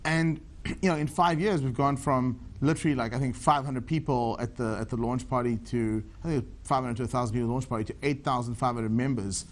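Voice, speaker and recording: A man's voice: mid-range voice, fairly quick. A South African man in his thirties, a tech entrepreneur giving eager, rambling answers in a TV business interview.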